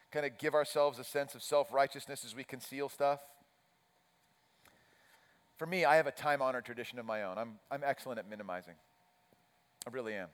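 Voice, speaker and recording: A man's voice: a little high, a bit bright, clear, resonant tone. A man preaching a sermon, telling a self-mocking story and acting out his own chipper coach voice. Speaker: pastor. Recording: long reverb of a large hall.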